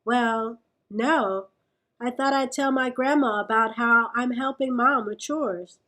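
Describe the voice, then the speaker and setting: A woman reading a storybook aloud, voicing a calm, easygoing young pig in an even, unhurried way. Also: fairly high pitch.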